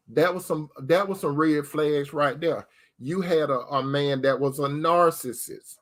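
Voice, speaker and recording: Here a man with a fairly high, slightly bright voice preaches about relationships, throwing out rhetorical questions. Listeners are addressed as "sister," and he circles back to the same key phrases.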